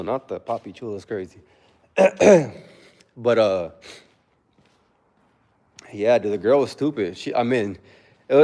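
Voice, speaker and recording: A man's voice: mid-range voice, dark tone, long reverb tail. A young man livestreaming from home, telling a story in a laid-back way, acting out quotes and laughing often.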